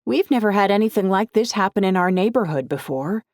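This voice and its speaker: Brief: woman narrator as an emphatic, outraged local woman, higher and louder, dry. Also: expressive, brisk, no room sound, close to an everyday voice. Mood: indignant. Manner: indignant, emphatic. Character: indignant neighbor woman on the news.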